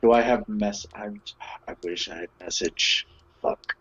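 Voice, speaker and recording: A man playing a tabletop game, talking casually at the table in a halting, stammering way. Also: fairly low pitch, fairly bright tone, a little hiss or hum. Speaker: player. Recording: dull lo-fi mic.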